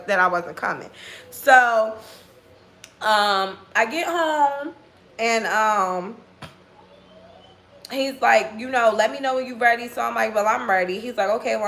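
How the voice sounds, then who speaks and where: A woman's voice: on the high side, slight background noise. A woman telling a dating story in a casual vlog, blunt and profane, acting out both sides of the conversation. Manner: blunt, profane, animated retelling with quoted dialogue.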